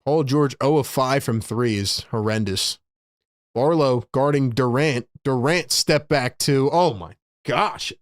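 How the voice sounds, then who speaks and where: Man, live-stream basketball commentator, exasperated fan reactions, mid pitch, dry close sound. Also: a little slow, no room sound. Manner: frustrated, exasperated, chats to viewers.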